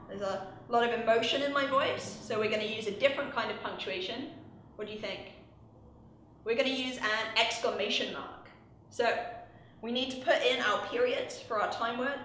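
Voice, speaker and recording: A woman teaches a grammar lesson in a bright, slightly high voice, patient and clear, often pausing to check that her learners follow. The recording is very echoey, with a faint hiss underneath. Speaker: English teacher.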